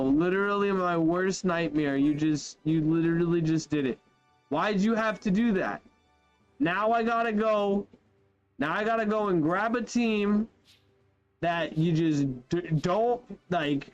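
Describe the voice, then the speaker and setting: A young man with a high voice talks casually over his gameplay, animated and chatty, often trailing off mid-thought. Faint game music plays behind him. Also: highs cut off. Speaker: gaming YouTuber. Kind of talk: casual let's-play commentary.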